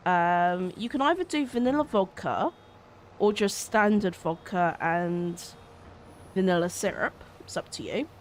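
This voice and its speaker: A woman's voice: on the low side, measured pace, a little hiss or hum. Friendly woman on a stream. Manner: friendly, thanks viewers, describes cocktails. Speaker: co-host of a farming game livestream. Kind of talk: casual live-stream chat.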